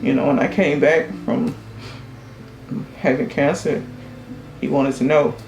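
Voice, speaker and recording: A man giving a halting, emotional memorial tribute to a coworker, sighing between phrases. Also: mid-range voice, fairly even intonation, gravelly, darkish tone. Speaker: UPS driver and coworker. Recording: roomy echo with music behind.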